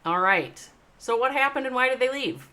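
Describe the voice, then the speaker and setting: Woman on a livestream talking to chat, gets loud n sweary then slows way down. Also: high voice, slight background noise. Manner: animated, swings between loud emphatic bursts and slow soft reflection, swears; addresses chat viewers by name. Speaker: livestream host, esports org owner. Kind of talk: emotional livestream monologue.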